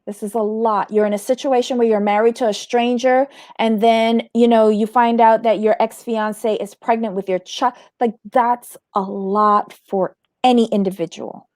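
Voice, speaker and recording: A woman's voice: on the high side, level tone, normal speed, few pauses, darkish tone, dry recording, clean studio sound. A woman hosting a casual reality TV commentary show, talking bluntly and with lots of energy, swearing and acting out quotes.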